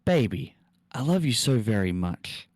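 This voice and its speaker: A man's voice: medium pitch, big pitch swings, a little slow, darkish tone, dry recording, studio quality. A man voicing a devoted young boyfriend in a clumsy spooky story. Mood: earnest. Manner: earnest, doting.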